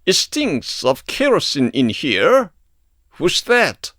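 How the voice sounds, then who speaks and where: A man's voice: a little high, wildly swooping pitch, slow pace, a bit bright, no echo, full character voice. A man playing a suspicious colonial policeman who questions curtly and gives orders, in a dry recording. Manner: curt questioning. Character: gruff male colonial policeman, curt and suspicious.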